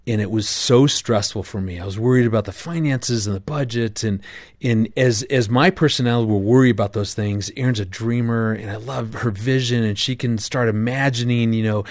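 A middle-aged man telling a story in a casual interview, earnest and animated, often restarting his sentences. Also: medium pitch, brisk, no room sound, clean studio sound. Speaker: guest, marriage author.

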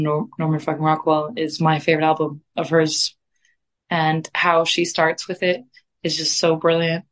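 Low, flat-voiced woman musician rambling dreamily. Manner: dreamy, rambling, laughs easily. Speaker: guest musician. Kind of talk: casual interview chat.

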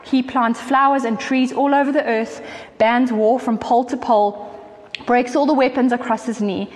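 A woman preaching a sermon in an earnest, conversational way, with quick asides to her listeners. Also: on the high side. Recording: faint hall reverb and noise.

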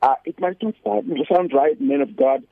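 A male pastor calling into a radio show, his husky, gravelly voice squeezed through a tinny phone line. He preaches earnestly, leaning on repeated scripture lines with a lively, rising and falling pitch. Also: normal speed, no echo. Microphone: phone call-in.

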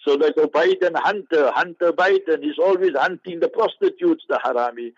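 Animated South African man answering questions. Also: on the high side, normal speed, no echo, muffled recording. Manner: animated, preachy, playful with wordplay.

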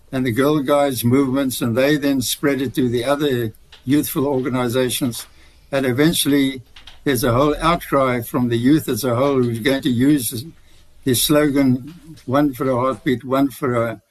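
A man's voice: medium pitch, low-quality recording. Older male guest, rambling anecdotal storyteller. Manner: rambling storyteller, many restarts. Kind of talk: radio interview.

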